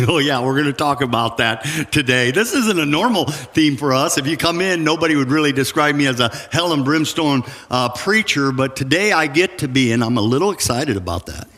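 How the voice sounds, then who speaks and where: A man's voice: mid-range voice, expressive, moderate pace, a bit bright. Man preaching in a reverberant church. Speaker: pastor. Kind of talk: sermon. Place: church sanctuary. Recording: church sanctuary with long reverb.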